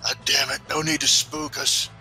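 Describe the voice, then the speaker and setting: Brief: curt outlaw boss, scolding and impatient, as a game master puts him on, bright voice. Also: male voice, mid-range voice, little pitch movement, moderate pace, soft background music, poor audio. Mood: irritated. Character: gruff male outlaw gang boss.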